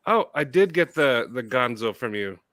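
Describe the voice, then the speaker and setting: A man's voice: mid-range voice, lively intonation, normal speed, fairly bright tone, no echo. A man co-hosting a casual livestream chat, easygoing and laid-back. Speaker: co-host.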